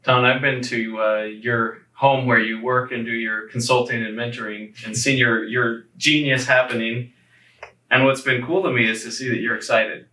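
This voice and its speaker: A man's voice: medium pitch, flat delivery, moderate pace, pushed and bright. A man interviewing a guest, asking questions in an admiring, earnest way. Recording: roomy echo, distant mic.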